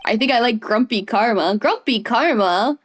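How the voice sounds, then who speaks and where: A woman's voice: on the high side, lively intonation, normal speed. A young woman streamer giving casual, playful gameplay commentary, giggling often and rambling.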